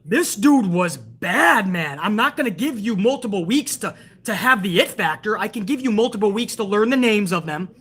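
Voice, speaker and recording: A woman's voice: medium pitch, animated, moderate pace, few pauses, a bit bright, husky. A woman hosting a show, ranting hard with profanity about wrestling and answering viewers in a live chat. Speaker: show host.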